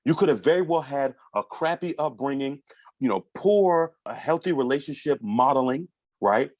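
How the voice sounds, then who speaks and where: A man in his thirties, a podcast guest, talking through parenting stories in a lively, conversational way and now and then acting out his children's voices. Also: mid-range voice, moderate pace, dry recording. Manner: animated storytelling, acts out his kids' voices.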